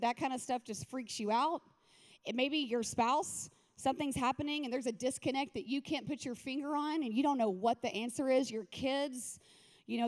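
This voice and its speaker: A woman pastor giving a lively, joking, conversational sermon at a women's retreat. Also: on the high side.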